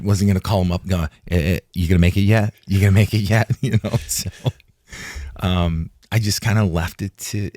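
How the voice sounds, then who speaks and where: Casting: very low male voice, dry studio sound, rambling retired fighter recounting events. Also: gravelly, darkish tone, no room sound. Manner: rambling, restarts, acts out quoted talk. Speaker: retired fighter, interview guest. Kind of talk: casual storytelling interview. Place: studio in Hollywood.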